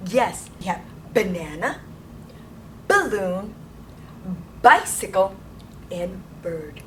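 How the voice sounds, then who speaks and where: A woman teaching preschoolers in a classroom, talking in an animated, sing-song way and gasping with excitement. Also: mid-range voice, takes it slowly, distant mic, a little hiss or hum. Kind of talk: children's lesson.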